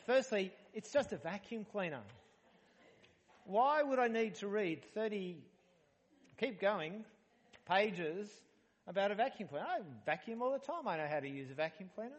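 A man's voice: sits high, very animated, normal speed, long reverb tail. A man preaching a sermon in a conversational, humorous way, asking his listeners questions. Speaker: pastor. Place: church hall.

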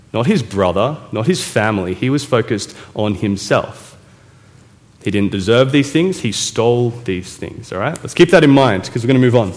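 A man preaching a casual sermon, retelling a Bible story in a chatty way and correcting himself as he goes. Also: mid-range voice. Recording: echoey hall reverb.

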